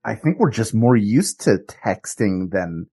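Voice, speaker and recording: Excitable storytelling man. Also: lowish voice, a little slow, husky. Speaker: podcast co-host. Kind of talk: casual comedic chat.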